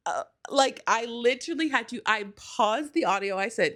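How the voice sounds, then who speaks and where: A young woman hosting a solo podcast, chatting casually and gushing, rambling with lots of "like" and quick self-corrections. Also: a little high, expressive, a bit bright. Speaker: podcast host.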